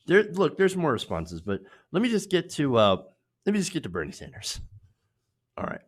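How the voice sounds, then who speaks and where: A man hosts a live political commentary stream in a lowish, husky voice with huge pitch swings and a brisk pace. He argues emphatically and indignantly, raising his voice to hammer points home, then rambles with fillers when improvising.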